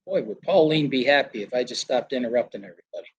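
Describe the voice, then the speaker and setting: A man's voice: medium pitch, animated, fast, dull audio, slight background noise. An older man, a flooring trainer, chatting casually and telling stories about the trade with quoted voices. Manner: storytelling with quoted voices and laughs. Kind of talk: casual chat.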